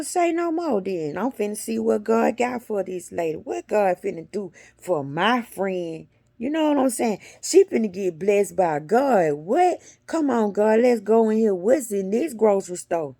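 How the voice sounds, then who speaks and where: A middle-aged woman telling a spiritual story to her viewers in a blunt, animated way, cussing freely and sometimes dropping into a whisper. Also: low voice, no room sound. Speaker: spiritual vlogger.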